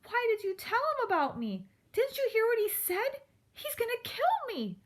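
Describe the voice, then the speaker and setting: A woman reading aloud, voicing a timid young female mouse with a high, anxious, pleading voice. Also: sing-song, moderate pace, a bit bright.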